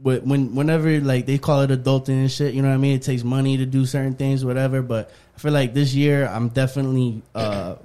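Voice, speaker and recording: Mellow-voiced man hosting a casual podcast. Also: mid-range voice, fast, hardly any pauses, clear, resonant tone. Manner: relaxed, rambling, filler-heavy. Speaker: podcast host. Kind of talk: casual chat.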